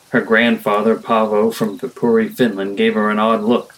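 A man reading a story aloud as narrator, in a calm and measured delivery. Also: on the low side, poor audio. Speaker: reader, narrator.

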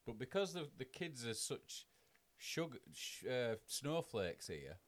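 A man's voice: medium pitch, sing-song, a little slow. A man, co-hosting a podcast in casual chat, blunt and teasing, swearing freely. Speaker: podcast co-host.

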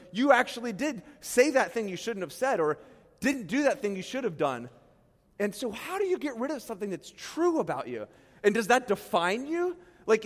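Middle-aged male pastor, animated sermon delivery, high voice, echoing hall. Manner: animated, acts out quotes with sudden loud bursts, self-deprecating asides. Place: church stage. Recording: long hall reverb.

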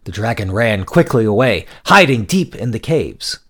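A man narrating a scripted folk tale in a measured storytelling manner. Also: lowish voice, very animated, a bit bright.

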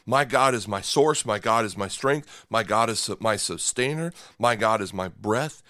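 A man's voice: fairly low pitch, moderate pace, sharp tone, no room sound, studio quality. A middle-aged man preaching a sermon, repeating key phrases, dropping to near-whispers for emphasis and checking in with "right?" and "okay?". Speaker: pastor.

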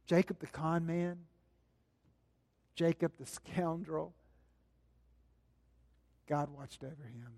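A man preaching a sermon with a slow, dramatic delivery that swings between loud passages and hushed ones. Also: on the high side. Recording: long hall reverb.

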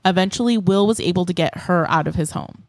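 Woman podcast co-host, low register, dry close mic, chatty storyteller. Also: fast, no room sound. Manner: animated storyteller with many fillers. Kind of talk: casual true-crime chat.

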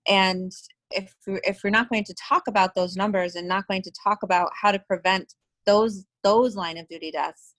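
A woman's voice: medium pitch, steady tone, normal speed, fairly bright tone. A woman co-hosting a podcast, making a thoughtful, earnest point. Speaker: podcast co-host. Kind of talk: podcast interview.

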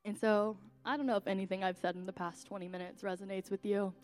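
A woman's voice: mid-range voice, little pitch movement, quick pace, darkish tone. A woman in her twenties giving an earnest, emotional church teaching as a missionary speaker.

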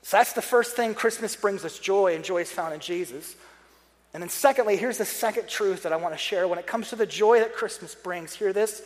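A man's voice: high voice, brisk. A young adult man preaching a sermon, chatty and joking, turning earnest and pleading when he prays. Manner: conversational, joking asides, earnest prayer passages. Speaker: pastor. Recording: long hall reverb.

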